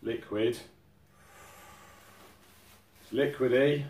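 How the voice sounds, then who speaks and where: A man's voice: medium pitch, steady tone, very slow, a little mellow. A man hosting an outdoors channel, chatting casually through an unboxing and exclaiming in amazement at each item. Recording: roomy sound from a distant mic.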